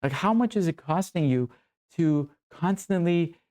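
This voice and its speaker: Earnest mellow-voiced male coach. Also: on the high side, expressive, measured pace. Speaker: men's coach. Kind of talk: motivational teaching talk.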